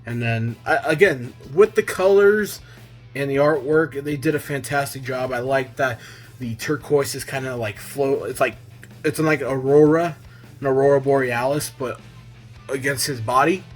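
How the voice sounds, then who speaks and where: Excited man rambling through a review. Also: medium pitch, moderate pace, soft background music. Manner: enthusiastic, loose, heavy on fillers. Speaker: comic book reviewer. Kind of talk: casual review vlog.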